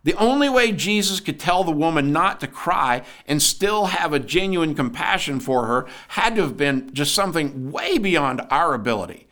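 Male podcast preacher, earnest and emphatic, slightly higher voice, devotional sermon read. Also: expressive, normal speed, few pauses, fairly bright tone. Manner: earnest, asks listeners rhetorical questions.

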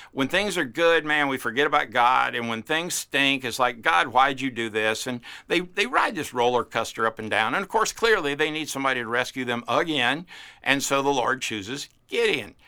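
A man's voice: medium pitch, animated, normal speed, pushed and bright. A man in his fifties preaching a casual, folksy sermon, telling stories with playful character voices. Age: 50s. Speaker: pastor.

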